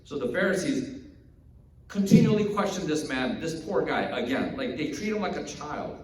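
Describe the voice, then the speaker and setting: A man's voice: fairly high pitch, normal speed, slight background noise. A male pastor preaching a sermon in a conversational, storytelling way in a church. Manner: conversational storytelling, animated, acts out characters. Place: church sanctuary. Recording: echoey hall from far off.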